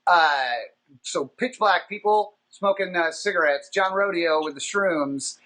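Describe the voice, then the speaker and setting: A man hosting a podcast, telling a long, profane anecdote in a casual, animated, rambling way. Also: high voice, unhurried. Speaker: podcast host. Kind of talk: casual storytelling.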